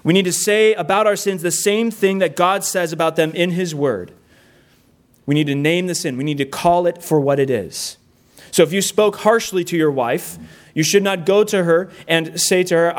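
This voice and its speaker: A man delivers a sermon to a congregation, his voice sitting a little high for a man. He is earnest and emphatic, repeats key phrases for weight, and builds points into lists. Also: moderate pace. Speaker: pastor. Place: church room with a congregation.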